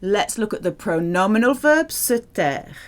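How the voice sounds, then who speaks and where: A woman teaching a French lesson, drilling verb forms slowly and checking in with the learner. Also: mid-range voice. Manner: slow, deliberate drilling of verb forms with lively questions to the learner. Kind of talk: language lesson.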